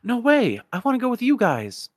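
A man's voice: high-pitched, moderate pace, no echo, pitched above the performer's own voice. A man voicing an eager, earnest teenage boy hero. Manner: earnest, excitable.

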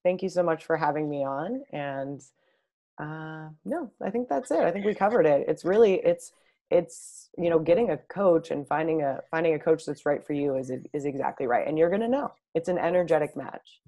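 A woman with a notably low voice talks as a guest on a podcast. She explains her coaching in a friendly, rambling way, full of fillers and restarts. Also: lively intonation, normal speed, dark tone. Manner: friendly, talkative, with frequent fillers. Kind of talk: casual podcast interview.

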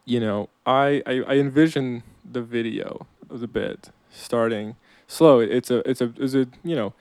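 A man's voice: medium pitch, a little slow, a little mellow, clear, resonant tone, no room sound. Giggly man, dry close sound. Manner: laughs often, describes scenes with many fillers. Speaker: comedy podcast co-host. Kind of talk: casual chat.

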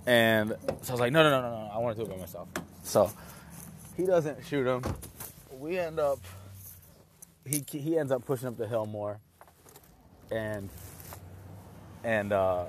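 A young man casually telling a story, rambling and excitable, with many restarts and fillers. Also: medium pitch, a little slow, long pauses, a little hiss or hum.

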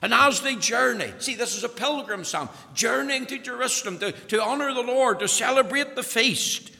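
A man delivers a sermon in a high, gravelly voice. He preaches earnestly, stressing his points and repeating words. His voice rings through a church hall with a long reverb. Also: expressive, moderate pace, pushed and bright.

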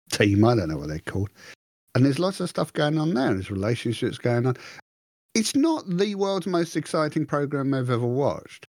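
Husky man, rambling podcast chat. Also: lowish voice, a little mellow, no room sound, studio quality. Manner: rambling, self-mocking, acts out his own thoughts. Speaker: podcast co-host. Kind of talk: casual chat.

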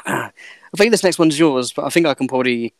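Laid-back man, mid pitch. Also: animated, fairly quick, dry recording. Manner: laid-back, chatty, trailing off with fillers. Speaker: podcast co-host. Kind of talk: casual podcast chat.

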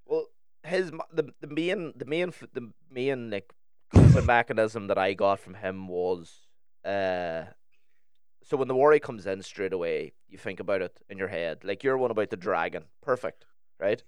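A man's voice: on the low side, moderate pace, smooth, dry recording, studio quality. A man in casual podcast chat, talking candidly and swearing freely as he tells personal stories.

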